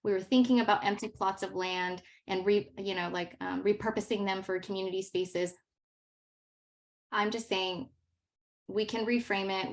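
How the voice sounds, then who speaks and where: A woman in her thirties, a teacher giving a workshop presentation, telling stories animatedly with frequent laughs and many ums. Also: medium pitch. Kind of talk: presentation talk.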